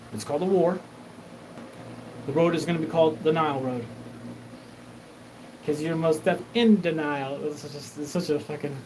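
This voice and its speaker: A man's voice: a little high, a little mellow, poor audio. Rambling profane man over background noise. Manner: profane, rambling, acts out quoted exchanges. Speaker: host. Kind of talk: rambling solo monologue.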